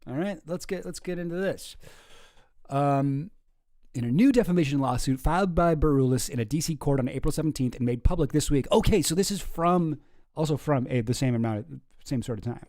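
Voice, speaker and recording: A man's voice: a little high, brisk, mellow, no room sound, clean studio sound. A man hosting a casual commentary stream, reading news posts aloud with sarcastic, swearing asides. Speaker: streamer host.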